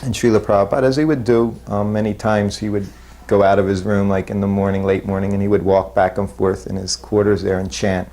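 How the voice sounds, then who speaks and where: A man with a fairly low voice looks back on his years as a disciple. He talks in a halting, self-deprecating way, pausing and restarting often. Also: level tone, dark tone. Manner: halting, self-deprecating, chuckles between memories. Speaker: former disciple recalling memories. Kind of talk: reminiscing interview.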